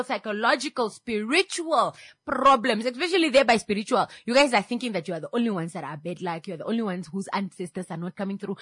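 Woman, radio host, teasing and preachy, fairly high voice, dry studio sound. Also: no echo. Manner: animated, teasing, preachy, laughs often. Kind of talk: radio talk show monologue.

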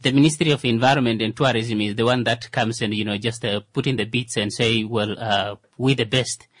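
A man's voice: medium pitch, fairly even intonation, quick pace, no room sound. A man co-hosting a casual radio talk show, speaking hesitantly with many fillers and restarts. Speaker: co-host.

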